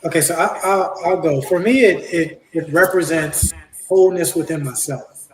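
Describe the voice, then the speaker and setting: A man's voice: fairly high pitch, normal speed. A man speaking as a spiritual coach on a video call panel, earnest and often checking in with "right?". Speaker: ascension coach. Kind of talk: panel conversation. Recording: roomy, distant mic.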